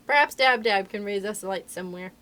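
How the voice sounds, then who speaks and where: A woman voicing a kindly, bustling little man who is an animal doctor, in a brisk, excited and fussy way. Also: mid-range voice, slight background noise.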